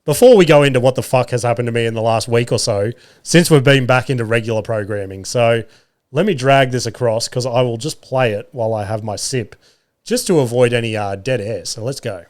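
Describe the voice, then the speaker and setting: A man's voice: mid-range voice, fairly quick, darkish tone. Swearing Australian man telling stories. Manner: swearing, laughing, acting out family voices. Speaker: podcast host. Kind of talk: casual storytelling monologue.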